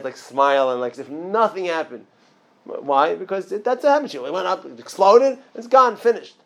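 A man teaching an informal religious class, talking conversationally with restarts and asides, and jumping up in pitch and loudness to stress his points.

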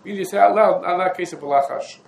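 A man's voice: sits high, quick pace, gravelly. Man teaching a Torah class in an echoey room. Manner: talks through sources in a meandering, conversational way, with Hebrew and Yiddish terms. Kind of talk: halachic lesson. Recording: echoey room with faint ambient noise.

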